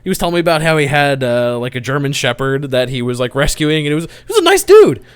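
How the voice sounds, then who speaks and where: Animated young man telling a story. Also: a little high, fast talker, smooth. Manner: animated storyteller who swears, laughs and gets worked up. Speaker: podcast co-host. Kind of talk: casual podcast chat.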